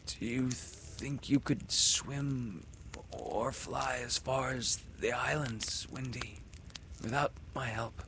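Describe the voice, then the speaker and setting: A man reading a storybook and voicing a wounded, brave boy who speaks faintly, often in a hushed half whisper. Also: on the low side, lively intonation, measured pace, creaky, noisy background. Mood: grave.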